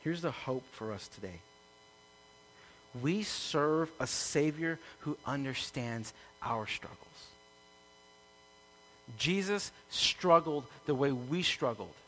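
A man preaching a sermon to a congregation, building from calm teaching to loud, impassioned peaks. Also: on the high side, takes it slowly, long pauses, a little hiss or hum. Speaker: pastor. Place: room with an audience.

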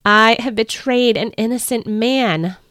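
A woman's voice: fairly high pitch, unhurried, fairly bright tone, no echo, voice pushed up. A woman reading aloud as a remorseful young man who betrayed his teacher, pleading and close to tears. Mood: desperate. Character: remorseful male disciple, young adult, panicked and guilt-stricken. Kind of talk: storybook reading.

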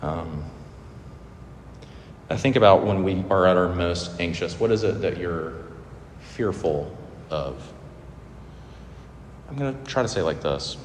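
A man's voice: sits low, lively intonation, unhurried, pauses often, a little hiss or hum. A man preaching a sermon in a loose, conversational way, with asides and light humor. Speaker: pastor. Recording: echoey hall with long reverb.

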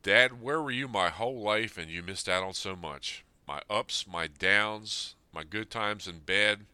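A man's voice: lowish voice, a little slow, bright, forceful tone, clean tone, dry recording. A man in his fifties reads a personal letter aloud and then reflects on it, earnest and plain-spoken. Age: 50s. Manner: earnest, plain-spoken, speaking straight to his late father. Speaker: Army veteran sharing a personal letter.

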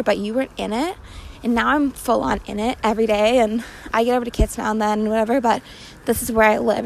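A woman's voice: on the high side, creaky, low-quality recording. A young woman hosting a casual solo podcast while walking outdoors, talking candidly in a rambling way and laughing often. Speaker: podcast host. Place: walking outdoors on a city street. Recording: street noise with sirens and traffic. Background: sirens, cars, restaurant fan.

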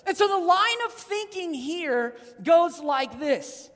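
A high-pitched preacher with a very lively, rising-and-falling delivery gives an animated sermon. The voice swings from loud emphasis to hushed, deep-set lines. A long reverb from a large hall hangs behind every word. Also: slow.

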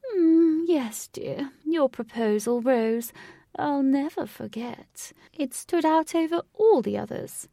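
A woman voicing an elderly lady who speaks slowly and precisely, humming before she talks. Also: high voice, lively intonation, vocal fry, dark tone, no room sound, studio quality, recorded from a distance, pitched above the performer's own voice, full character voice. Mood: admiring. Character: elderly woman admiring roses, fond and slow.

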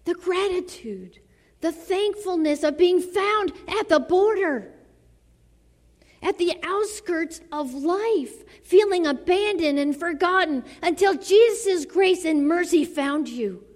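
A woman preaching a sermon to a church. She delivers it dramatically, dropping to soft near-whispers and then rising to fervent exclamations. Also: very high-pitched, lively intonation, slow pace. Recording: long reverb of a large hall.

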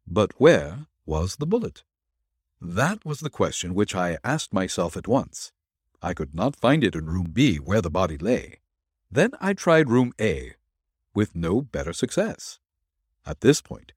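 A man reading a calm, assured detective. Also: on the low side, breathy edge, no room sound, studio quality, exaggerated voice. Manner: measured, explaining.

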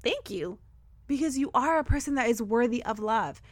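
An energetic woman hosts a motivational podcast with a slightly high voice. She leans hard on repeated words and keeps her delivery emphatic. The recording is close and dry. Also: normal speed, dry recording. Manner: energetic, enthusiastic, emphatic repetition. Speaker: podcast host.

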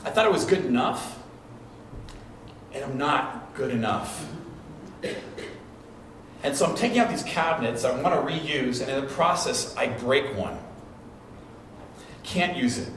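A man's voice: medium pitch, expressive, a little slow, pauses often, fairly bright tone. A man preaching a sermon as pastor, talking in a conversational storytelling way with restarts and repeated phrases. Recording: echoey hall recording from a distance with faint noise.

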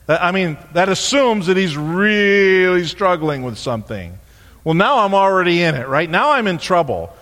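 A man preaching a sermon as a pastor, telling stories with lively acted-out voices. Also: mid-range voice. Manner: animated storytelling, acting out voices. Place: church sanctuary. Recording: long hall reverb.

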